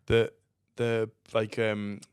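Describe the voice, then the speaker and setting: A man's voice: on the low side, completely flat delivery, very slow, clean tone, no echo, clean studio sound. A man co-hosting a casual comedy podcast, rambling and trailing off with fillers. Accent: English. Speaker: podcast co-host. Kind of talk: casual chat.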